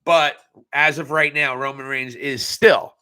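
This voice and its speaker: A man's voice: mid-range voice, fairly even intonation, measured pace, sharp tone, clean tone. A young adult man giving a casual live recap of a wrestling show, blunt and profane with joking asides.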